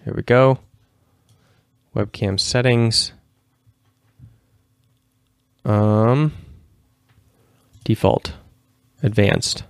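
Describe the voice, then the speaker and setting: A man's voice: fairly low pitch, steady tone, drawn-out words, pauses often, clean tone, dry recording, clean studio sound. A man in his thirties hosting a livestream show, talking casually in a rambling, self-correcting way. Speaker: host.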